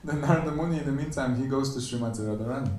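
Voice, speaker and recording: A man giving a temple lecture, animatedly telling a story and acting out the characters' quoted lines in a higher voice. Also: racing, a little mellow. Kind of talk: storytelling sermon. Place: temple hall. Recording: echoey room, voice from a distance.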